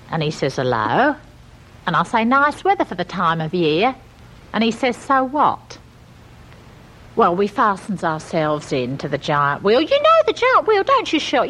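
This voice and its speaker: A middle-aged woman spins a comic yarn in a gossipy, deadpan manner. Her pitch leaps about a great deal as she talks. She sounds like a chatty working-class storyteller. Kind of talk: comic monologue.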